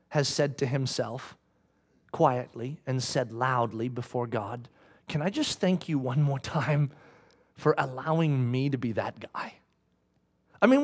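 A male pastor preaching a sermon in a church, animated and swinging from loud to hushed. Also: sits high.

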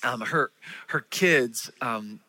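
A pastor delivers a sermon at a slow pace and medium pitch, telling stories in an animated way and acting out the voices of the people in them.

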